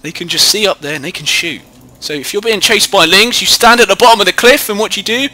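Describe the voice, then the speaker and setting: A British teenage boy rambles through jokey, self-mocking live commentary on a strategy game, speaking into a headset mic. His voice is high, bright and forceful, and he talks fast. He's indoors at home, but not in his usual recording spot.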